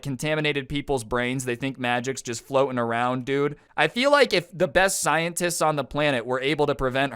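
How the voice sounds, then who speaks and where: A man narrating a storytime, rolling his eyes in his voice with sarcastic, incredulous asides. His tone is smooth and clean, pitched a little above average. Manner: sarcastic, incredulous, animated retelling. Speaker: storytime YouTuber. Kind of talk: storytime commentary.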